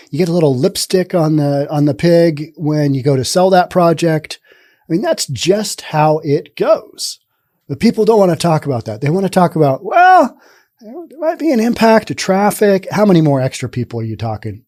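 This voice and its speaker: Brief: man hosting news commentary, mellow warm voice, slightly high, rambling and sarcastic. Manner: conversational, rambling, sarcastic asides.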